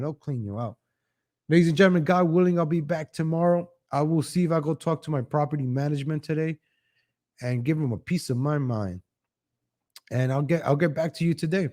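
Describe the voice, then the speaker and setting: A man hosting a casual morning livestream, chatting loosely and thanking viewers in the chat. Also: fairly high pitch. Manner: rambling, warm toward chat viewers, frequent restarts. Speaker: host.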